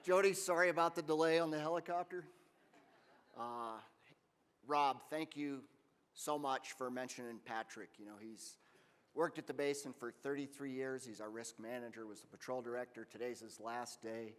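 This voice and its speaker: A man's voice: mid-range voice, moderate pace, a bit bright. A man giving a friendly, conversational talk at a conference, with some stumbles. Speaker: ski area operations chief. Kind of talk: conference presentation. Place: conference hall. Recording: long reverb of a conference hall.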